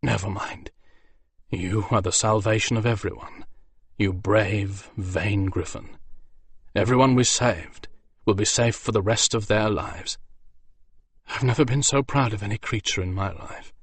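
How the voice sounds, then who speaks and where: A man voicing a frail, dying old male mage who speaks in a soft, hoarse, tender voice. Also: on the low side, a little slow, dry recording. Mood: gentle, tender. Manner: tender and weary.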